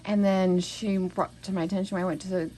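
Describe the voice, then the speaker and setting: A woman's voice: lowish voice, little pitch movement, fairly quick, mellow, a little hiss or hum, low-quality recording. A woman recording a spoken journal at home, telling a story in a rambling, emotional way with many restarts. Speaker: vlogger.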